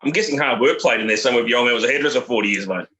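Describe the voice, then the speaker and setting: Male podcast host, mid pitch, fast, friendly questioning. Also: sharp tone, rough recording. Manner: chatty, matey questioning. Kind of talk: casual interview chat.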